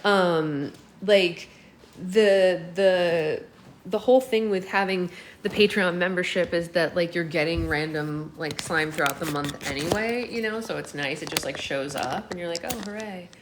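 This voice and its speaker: A chatty woman with a lowish voice hosts a casual book club livestream, answering viewers by name with plenty of fillers. She talks into a phone in a roomy space at home, with a faint hiss in the background. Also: a little slow.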